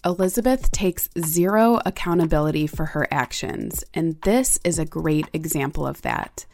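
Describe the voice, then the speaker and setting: Woman narrator, analytical scripted commentary, lowish voice. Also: a little mellow, dry recording, soft background music. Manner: measured, analytical.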